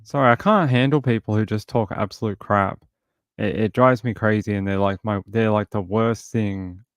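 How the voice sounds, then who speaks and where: A man's voice: on the low side, moderate pace, no room sound, studio quality. A man hosting a casual true crime livestream, talking bluntly in run-on bursts full of fillers.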